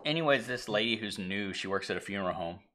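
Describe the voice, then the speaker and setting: A man co-hosting a casual talk stream, rambling through a film's plot and acting out its lines with sudden shouts and whispers. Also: fairly low pitch, expressive, fast. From Irish heritage (family, not place). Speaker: podcast co-host. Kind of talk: casual chat retelling a movie.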